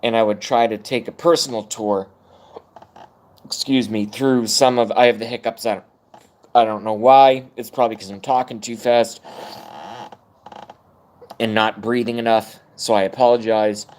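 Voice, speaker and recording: A man's voice: mid-range voice, fairly even intonation, normal speed, long pauses, a little mellow. Rambling, profane man chatting on livestream. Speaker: livestream host. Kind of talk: casual livestream rant.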